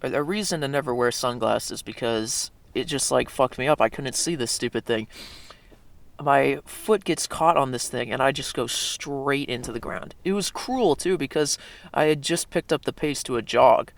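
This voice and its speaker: A man's voice: medium pitch, moderate pace, vocal fry, no echo. A young man telling a story in a casual, rambling monologue, swearing a lot and correcting himself as he goes. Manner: profane, rambling, with frequent fillers and self-corrections. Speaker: video creator.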